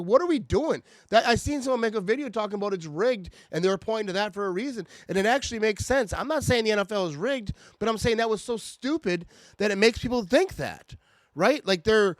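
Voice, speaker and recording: A man's voice: high voice, a little fast, dry recording. A man in a casual, irritated fan rant about his team, stammering and restarting often. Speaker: sports fan vlogger.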